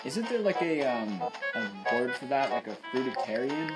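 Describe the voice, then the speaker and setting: A man chatting casually over his own gameplay, laid-back and talking to viewers, with loud game music behind him. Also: mid-range voice, very animated, a little slow, low-quality recording. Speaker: gaming video host.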